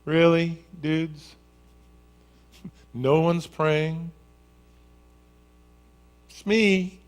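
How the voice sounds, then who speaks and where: Man putting on a casual Jesus, teasing, reassuring, a bit higher and louder. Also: fairly even intonation, drawn-out words. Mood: teasing reassurance. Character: casual, reassuring Jesus calling across a storm.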